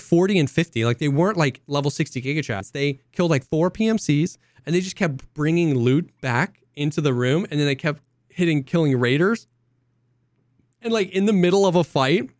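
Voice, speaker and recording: A young man co-hosting a casual podcast, an excitable storyteller who acts out quotes in high voices. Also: a little fast, dry recording, clean studio sound. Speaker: podcast co-host. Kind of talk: casual chat.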